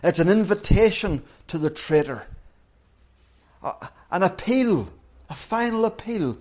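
Earnest male preacher, higher voice. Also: lively intonation, unhurried, a little mellow. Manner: earnest, wide pitch swings when acting out voices. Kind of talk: sermon.

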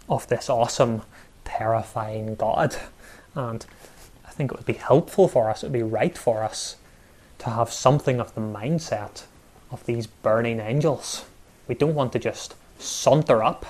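A man preaching a sermon, measured and emphatic, with pauses and repeated words for stress. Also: mid-range voice, darkish tone.

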